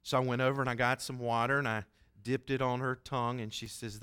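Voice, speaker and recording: A man's voice: mid-range voice, level tone, brisk, few pauses, a bit bright, clear, resonant tone. A man preaching as a pastor, telling a story in a folksy, conversational way and acting out the voices he quotes. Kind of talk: sermon storytelling.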